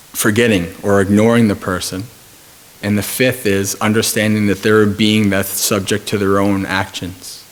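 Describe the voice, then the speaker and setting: A man who is a Buddhist monk giving a dharma talk at a retreat. He talks in a calm, measured way and tells stories with frequent pauses and fillers. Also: fairly low pitch.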